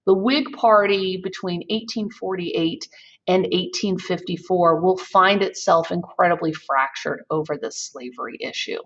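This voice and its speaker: A woman teaching history in a recorded slide lecture, explaining in a measured way with occasional ums. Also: fairly low pitch, highs cut off.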